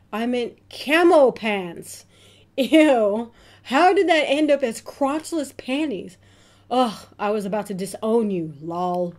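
Slow-paced woman reading texts aloud. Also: fairly high pitch. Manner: amused, expressive reading with exclamations. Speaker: reaction channel host. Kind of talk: reading funny text messages aloud and reacting.

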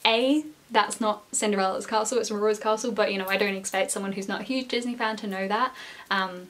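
A young woman chatting casually in a storytelling vlog, with many "like" fillers and lively emphasis. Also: mid-range voice, fairly quick. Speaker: former theme park character performer.

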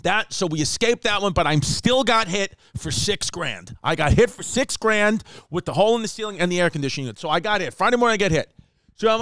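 New comic guy ranting through a story, smooth clear voice, kinda high, dry close mic. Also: no room sound. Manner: animated, acts out quotes, rapid run-on storytelling. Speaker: comedian podcast host. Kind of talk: comedic storytelling monologue.

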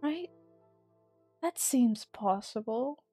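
Female streamer, higher-pitched, casual gameplay chatter with cursing outbursts. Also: lively intonation, extremely slow, warm tone, breathy edge, faint music behind. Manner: chatty, swears at the game, bursts of exclamation. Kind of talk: casual gaming commentary.

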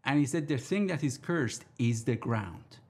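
A man teaching a sermon on scripture, deliberately repeating his key points for emphasis. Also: medium pitch, lively intonation. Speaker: Bible teacher.

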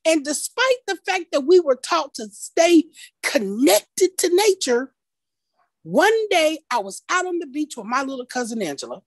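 A woman tells a personal story at a story slam over a video call, slow and expressive with a folksy touch. Her voice sits high and swings widely in pitch. The sound is dry and close. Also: dry recording.

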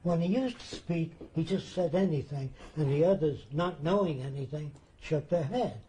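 A man's voice: on the high side, lively intonation, normal speed, warm tone, slight background noise, poor audio. An older man telling a story in an interview, plain-spoken, acting out the people he quotes.

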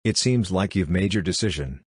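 A male audiobook reader voicing a cool, scheming male demon lord who speaks in a calm, measured, matter-of-fact way. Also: low voice, slightly rough. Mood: composed. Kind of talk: audiobook character reading.

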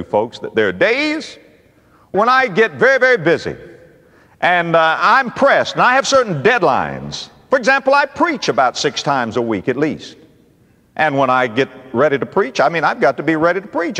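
An older male pastor preaching a sermon, emphatic, calling listeners "friend" and dropping from loud to hushed. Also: fairly high pitch. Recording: echoey hall reverb.

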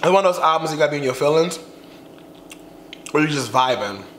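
A sassy young man chats through a food vlog at home, his voice pitched a touch high and his delivery loose and slangy. He sounds stuffed full. The room is echoey, with clear noise underneath. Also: lively intonation, fairly bright tone. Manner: sassy, chatty, drawn-out slangy talk. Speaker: vlogger. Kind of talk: casual mukbang vlog chat.

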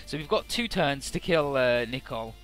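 Bright-voiced man recapping a game. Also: medium pitch, animated, faint music behind. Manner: rambling recap with filler words and quick voices. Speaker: let's play narrator. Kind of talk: casual game commentary.

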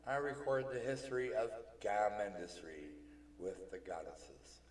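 Man reading as a calm, formal talking book. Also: on the low side, echoey room, in a large hall, recorded from a distance, a little hiss or hum, close to an everyday voice. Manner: measured, formal. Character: calm talking tome, a female record-keeper.

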